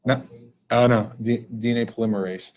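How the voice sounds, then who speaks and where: A man's voice: medium pitch, fairly even intonation, fairly quick, a little mellow, muffled recording. A male teacher leading a live online class in a playful, joking way, coaxing students to answer, over a computer mic on a video call.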